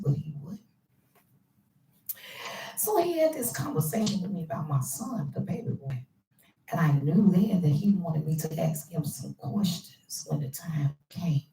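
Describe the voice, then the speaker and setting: A woman host tells a personal family story to her viewers, quoting relatives and dropping to hushed asides. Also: very animated, normal speed, gravelly, recorded from a distance, slight background noise. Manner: quotes family members with shifts in pitch and hushed asides. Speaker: channel host. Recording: echoey room, voice a bit off-mic.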